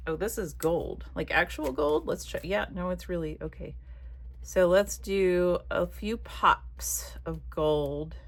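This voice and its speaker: A woman chatting casually while she crafts, rambling from one thought to the next and dropping soft muttered asides. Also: on the low side, gravelly. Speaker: craft vlogger.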